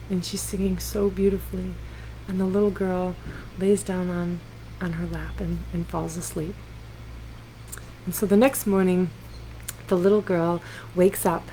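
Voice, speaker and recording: A singer-songwriter woman telling a story on a livestream in a gentle, unhurried way with hesitant fillers, recorded on a laptop mic. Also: lowish voice, a little hiss or hum, low-quality recording. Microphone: laptop computer mic.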